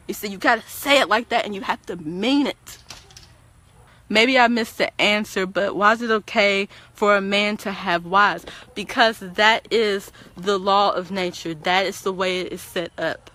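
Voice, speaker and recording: Bright-voiced woman preaching to her viewers. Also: mid-range voice, normal speed. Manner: preachy and emphatic, addresses viewers directly, repeats words when starting sentences. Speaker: guest on a livestream talk show. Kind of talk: casual opinionated livestream talk.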